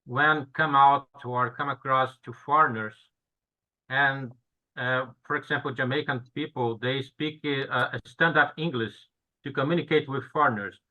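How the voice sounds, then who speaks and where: Sharp-voiced man on a video call. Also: mid-range voice, fairly even intonation, moderate pace, muffled recording. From Brazil. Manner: brief, agreeable, plain phrasing. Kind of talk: casual video call chat.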